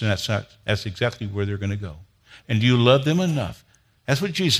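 A man preaching from the pulpit in a mid-pitched voice. He tells his stories with animated energy, getting louder and higher as they build. Then he settles into a low, earnest exhortation. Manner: animated storyteller, grows loud and high when excited, then drops to a low earnest tone. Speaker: pastor. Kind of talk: sermon with personal storytelling.

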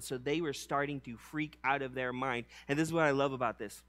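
A man preaching a casual sermon, slangy and conversational, telling the story with animated acted-out bits. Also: on the high side, brisk, clear, resonant tone.

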